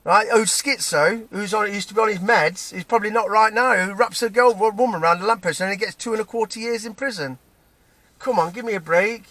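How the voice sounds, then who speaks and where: A man's voice: sits high, a little fast, sharp tone, dry recording. A man from Nottingham with a Nottingham accent, ranting to camera in a heated, swearing way, stumbling over restarts and tagging lines with "right?". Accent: Nottingham English. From England, Nottingham. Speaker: vlogger. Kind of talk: angry personal rant to camera.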